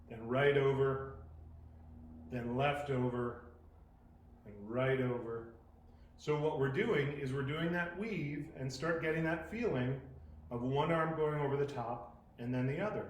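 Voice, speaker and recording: A man instructing a beginner poi class, thinking aloud as he demonstrates and correcting himself as he goes. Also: fairly high pitch. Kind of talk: live class teaching. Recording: roomy echoing sound.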